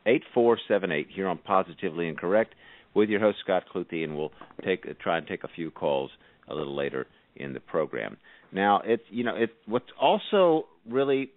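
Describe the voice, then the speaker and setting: A man's voice: low-pitched, big pitch swings, normal speed, no echo. A man hosting a radio call-in show, talking in long rambling sentences with many restarts. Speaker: radio host. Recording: dry tinny phone-like sound.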